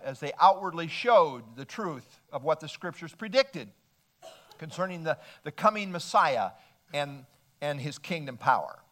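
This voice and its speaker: A man with a notably high-pitched voice delivers a measured expository sermon. He works steadily through scripture and cites chapter and verse as a pastor teaching his congregation. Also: fairly bright tone.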